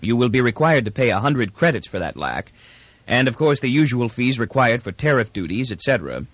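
A man's voice: medium pitch, sing-song, a little fast, no echo, highs cut off. A male narrator voicing a brusque, bureaucratic male inspector who fires off clipped questions in an audiobook. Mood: curt. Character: curt officious male border inspector, brusque.

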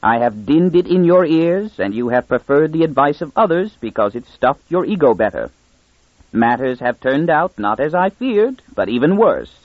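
A man voicing a calm, very old minister. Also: on the high side, dry recording, phone-quality sound, pitched above the performer's own voice. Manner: calm, soft, measured.

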